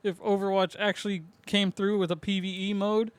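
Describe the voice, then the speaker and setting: Male podcast co-host, high-pitched, easygoing and laughing often, throat irritated from coughing. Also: flat delivery, brisk, clean tone, dry recording. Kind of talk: casual chat.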